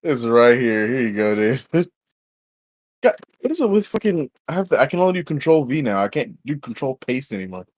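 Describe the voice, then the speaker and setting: A man's voice: medium pitch, big pitch swings, brisk, a little mellow. A man playing in a tabletop game, eager and casual, with frequent swearing. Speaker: player.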